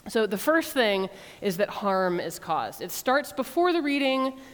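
A woman's voice: medium pitch, big pitch swings, measured pace, in a large hall. A woman preacher teaching an informal sermon, chatty and humorous, with laughing asides. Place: church.

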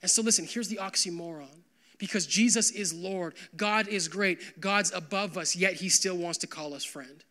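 Bright-voiced young male pastor preaching casually. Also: high-pitched, normal speed. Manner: conversational, animated, full of "like" fillers. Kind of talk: sermon.

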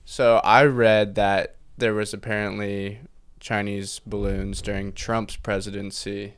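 A man's voice: on the low side, level tone, measured pace, clean tone. A man co-hosting a casual comedy podcast, giving short replies and laughing a lot. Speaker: podcast co-host.

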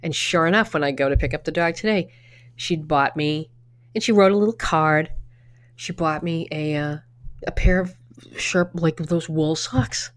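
Chatty, low-voiced woman telling stories. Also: moderate pace. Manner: chatty storyteller with frequent restarts and swearing. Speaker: podcast co-host. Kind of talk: casual chat.

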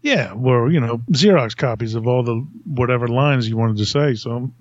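A man's voice: medium pitch, normal speed, darkish tone, no room sound. Middle-aged male host, casual rambling storyteller who laughs at himself; dry, dull-sounding audio. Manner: rambling, self-mocking, laughs at own stories. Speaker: podcast host.

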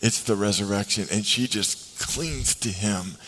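Expressive man preaching a sermon. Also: on the low side, measured pace, low-quality recording. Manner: expressive, swings between hushed and emphatic delivery; acts out scripture voices. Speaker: pastor.

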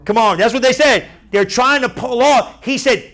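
A man with a notably high voice delivers a sermon. He talks casually and with energy, repeats his points and acts out the voices of doubters. He often checks that his listeners understand. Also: normal speed, few pauses. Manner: animated, conversational, acts out crowd voices; repeats phrases, asks "you understand?". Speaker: preacher.

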